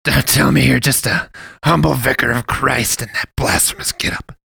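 A smug, wheezing fat priest, put on by a male narrator. He talks slowly in a gravelly voice pitched a little above the narrator's own, mocking whoever he faces. The recording is dry and close. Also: bright, forceful tone, no room sound, exaggerated voice.

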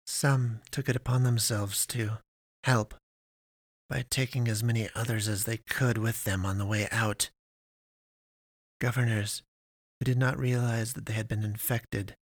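A man narrating a science fiction story in a measured, deliberate way with long pauses. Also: mid-range voice, no room sound, clean studio sound.

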